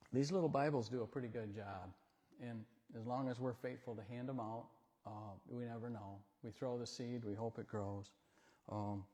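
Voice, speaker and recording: A man visiting a church as a speaker for a Bible ministry, telling folksy stories in a rambling, gently joking way. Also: lowish voice. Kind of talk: folksy storytelling talk in church. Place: church sanctuary. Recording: long church hall reverb.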